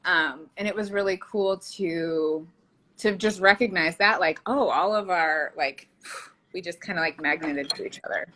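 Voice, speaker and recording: A woman's voice: on the low side, normal speed, a bit bright, poor audio. A woman co-hosting a podcast in casual chat, chatty and laughing often, with many fillers. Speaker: podcast co-host.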